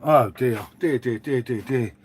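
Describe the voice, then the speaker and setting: Middle-aged bloke, casual stream host, chatty and rambling, keeps saying mate. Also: male voice, medium pitch, a little slow, a little hiss or hum. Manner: chatty, rambling, says "mate" a lot, reads and answers viewers. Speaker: livestream host. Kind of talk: casual live-stream chat. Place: dim room at home.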